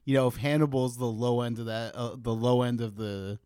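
Chatty podcast host, smooth clear voice. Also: male voice, medium pitch, steady tone, fairly quick, warm tone, no room sound, clean studio sound. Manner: chatty, swears casually, laughs easily. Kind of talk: casual interview chat.

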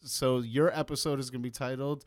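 A man's voice: mid-range voice, steady tone, fairly quick, no room sound, clean studio sound. A man in his thirties hosting a podcast, chatting casually and swearing freely. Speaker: podcast host. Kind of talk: casual interview chat.

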